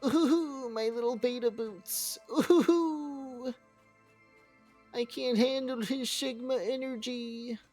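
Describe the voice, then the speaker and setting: A man voicing a swooning, awestruck fan in a mocking, cooing falsetto. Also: fairly even intonation, slow pace, a little mellow, soft background music, exaggerated voice. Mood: swooning mockery.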